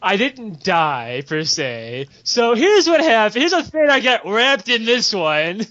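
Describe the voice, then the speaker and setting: A young man telling comedic stories on a podcast, animated and profane, jumping into character voices. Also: slow pace. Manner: animated, profane, acts out quotes with big pitch jumps. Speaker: storyteller on a podcast. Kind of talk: casual comedic storytelling. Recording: dull lo-fi podcast audio.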